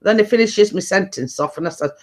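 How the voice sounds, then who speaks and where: A woman's voice: medium pitch, lively intonation, fast talker. A woman hosting a live chat stream, talking in a loose, rambling way full of "you know" and "I mean". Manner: rambling, lots of fillers and repeated phrases. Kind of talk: casual chat.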